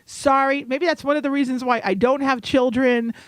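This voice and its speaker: A woman co-hosts a casual podcast, animated and teasing as she reads through a list. Her voice is high and bright. She is recorded close and dry, with no room sound. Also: normal speed, dry recording. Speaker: podcast co-host. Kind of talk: casual chat.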